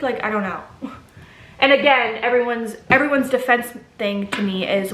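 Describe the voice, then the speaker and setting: A woman's voice: fairly high pitch, expressive, normal speed, long pauses, fairly bright tone. A young pregnant woman talking casually in a get-ready-with-me vlog, rambling with fillers and restarts. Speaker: vlogger. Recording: echoey room.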